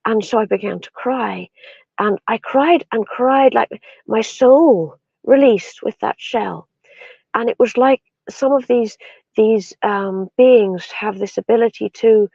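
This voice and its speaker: Gravelly, soft-spoken Irish woman. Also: a little high, no echo. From Ireland. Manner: soft, reflective storytelling with many fillers. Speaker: guest, shamanic practitioner. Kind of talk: spiritual interview chat. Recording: dull lo-fi sound.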